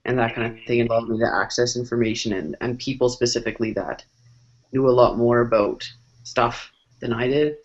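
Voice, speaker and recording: A man's voice: medium pitch, steady tone, fairly quick. A man speaking as a guest in a casual panel chat, thoughtful and rambling, with many restarts. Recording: dull lo-fi sound.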